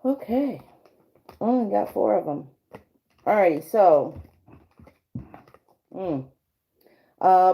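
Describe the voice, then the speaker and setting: A woman's voice: medium pitch, lively intonation, drawn-out words, vocal fry, pauses often, warm tone, low-quality recording. A woman giving a casual livestream tarot reading, rambling through restarts and fillers and laughing often. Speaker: tarot reader.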